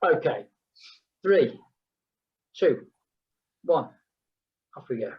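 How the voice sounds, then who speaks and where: A woman's voice: low voice, very animated, drawn-out words, phone-quality sound. A woman leading a group exercise class, chatting between count-downs and humming playful sounds. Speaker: fitness instructor.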